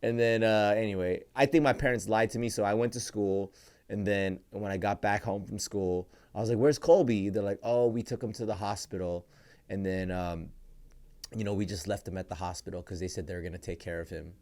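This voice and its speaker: Young adult male podcast co-host, lowish voice, loose and rambling delivery. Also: steady tone, fairly quick, a little mellow. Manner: rambling, heavy use of "like" and "bro". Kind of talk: casual storytelling chat.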